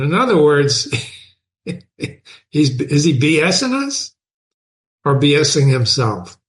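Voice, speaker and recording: A man hosting a reading show, reading a novel aloud and pausing to question listeners and explain passages. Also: fairly high pitch, very animated.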